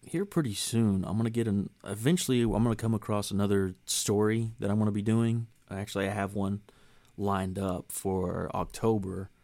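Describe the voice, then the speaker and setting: A man's voice: deep voice, creaky, dry recording. A man hosting a podcast, chatting casually with friends and rambling with lots of filler words. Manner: rambling, filler-heavy, relaxed. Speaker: podcast host. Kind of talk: casual chat among friends.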